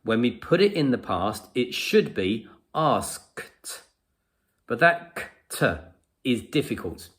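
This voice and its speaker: Guy teaching english pronunciation, talks real slow, patient, repeats the sounds. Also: mid-range voice, sing-song. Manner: patient, demonstrates sounds slowly and repeats them. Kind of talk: slow explanatory lesson to camera.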